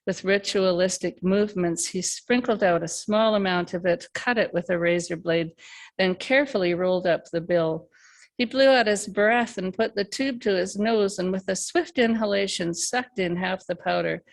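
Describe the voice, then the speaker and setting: A woman reading her own fiction aloud at an open mic, steady and measured. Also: medium pitch, vocal fry. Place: live reading event, remote by video call.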